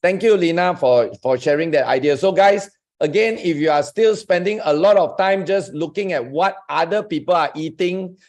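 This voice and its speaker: A man's voice: fairly high pitch, moderate pace, few pauses, a little mellow. A man hosting a Zoom session as a network marketing coach, giving an emphatic, enthusiastic motivational talk and addressing listeners directly. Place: online Zoom group call. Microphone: video call.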